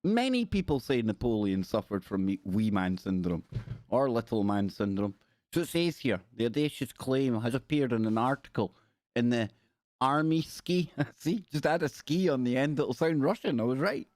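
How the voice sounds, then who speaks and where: A man's voice: medium pitch, animated, moderate pace, a little mellow, dry recording. A man hosting a casual livestream, reading articles aloud and breaking off into playful jokey asides. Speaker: livestream host.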